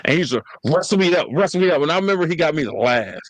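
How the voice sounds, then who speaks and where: A man hosting a podcast, telling family stories in a casual, animated and profane way. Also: fairly high pitch, racing, no echo, poor audio. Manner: animated storytelling, slangy and profane. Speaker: podcast host.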